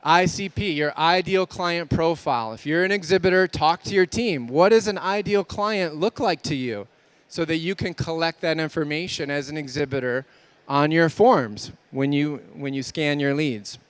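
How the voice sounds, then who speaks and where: Energetic man giving a conference talk. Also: a little high, moderate pace, clean tone, no echo. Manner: energetic, rhetorical questions. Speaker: conference speaker.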